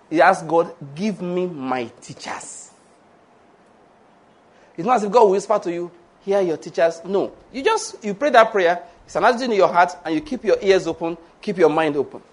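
A man preaching a sermon, laughing often and acting out the voices of the people he quotes. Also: high voice.

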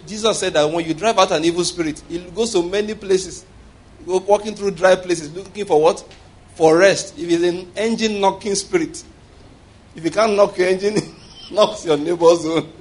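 A man preaching a humorous sermon, laughing often and quizzing his congregation. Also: high-pitched. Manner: jokey, laughs often, asks the crowd questions. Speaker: preacher who is also a doctor. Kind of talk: humorous sermon with call-and-response.

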